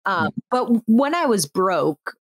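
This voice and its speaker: Lively storytelling woman. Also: mid-range voice, slow pace, no echo. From United States. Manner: animated, acts out quotes, frequent "like" fillers. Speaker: podcast host. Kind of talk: casual storytelling chat.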